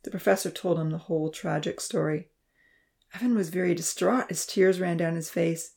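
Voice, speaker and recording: Woman reading a novel, gravelly low voice. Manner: steady, measured reading. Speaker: audiobook narrator. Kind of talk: scripted narration.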